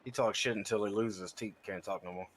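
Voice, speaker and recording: A man bantering in a casual gaming chat, quick and lively. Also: lowish voice, slight background noise.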